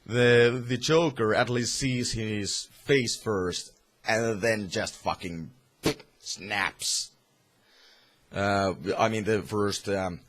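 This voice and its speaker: Casting young male reviewer, slow rambling delivery, lively pitch, bright tone. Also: breathy edge. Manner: rambling, lots of fillers and swearing. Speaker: comic reviewer. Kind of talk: casual review vlog.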